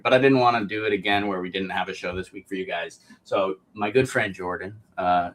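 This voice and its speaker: A man's voice: fairly low pitch, fairly bright tone. A man hosting a casual livestream show, chatting easily and reading out viewer comments with frequent ums. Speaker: podcast host.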